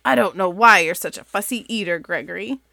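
A woman's voice: mid-range voice, brisk, creaky, bright, forceful tone, no echo. A woman reading aloud and voicing a stern, disapproving father goat from a children's storybook.

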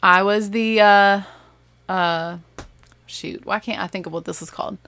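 A woman with a Southern accent chatting casually as a host, animated, laughing and correcting herself as she goes. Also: medium pitch, unhurried. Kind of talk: casual chat.

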